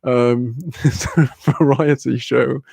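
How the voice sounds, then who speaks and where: A man's voice: medium pitch, fairly even intonation, slow pace, gravelly, a little mellow, slightly rough, dry recording. A young man chatting casually on a livestream, rambling and swearing freely. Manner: rambling, swearing, laughing often. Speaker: streamer.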